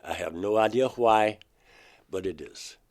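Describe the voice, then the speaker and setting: An older man from Georgia speaks as an interview guest with a low voice. He tells his story earnestly and acts out remembered dialogue. His delivery breaks into sudden loud outbursts. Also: a little slow. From Georgia, USA. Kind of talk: recounting personal experiences in an interview.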